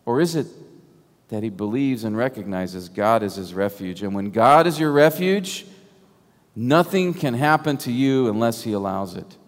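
A man preaching a sermon, emphatic and full of rhetorical questions, sometimes dropping to a hush. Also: mid-range voice, expressive, normal speed. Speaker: pastor. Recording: long hall reverb.

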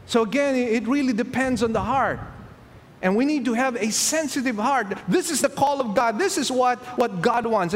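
A man preaching a sermon to a congregation, asking rhetorical questions and then answering them himself. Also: high-pitched. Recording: long hall reverb with faint ambient noise.

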